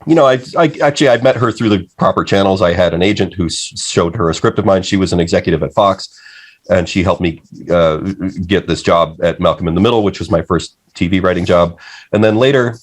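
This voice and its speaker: A man telling a story as a podcast guest, halting, with many uh's and restarts. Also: sits low. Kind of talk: casual podcast chat.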